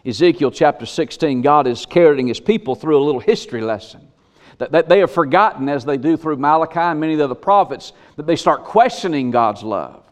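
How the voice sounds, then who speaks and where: Male pastor, slightly high voice, emphatic sermon delivery with swelling questions. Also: animated. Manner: preaching with rising emphatic questions and slow scripture reading.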